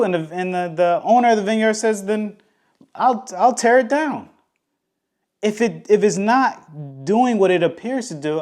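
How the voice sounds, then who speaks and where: Emphatic man teaching scripture casually. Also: a little mellow. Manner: casual, emphatic, acts out quotes with rising pitch; frequent restarts and slang. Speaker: Bible teacher.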